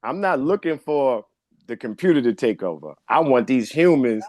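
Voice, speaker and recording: A man co-hosting a podcast in casual chat, animated and repeating words as he searches. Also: medium pitch, normal speed, dry recording. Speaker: podcast co-host.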